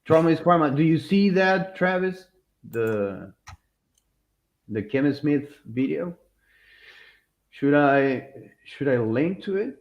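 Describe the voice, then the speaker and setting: A man co-hosting a podcast, chatting casually in an animated, rambling way, often restarting his sentences and laughing. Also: on the high side, slow, long pauses, lo-fi sound. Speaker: podcast co-host. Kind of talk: casual chat.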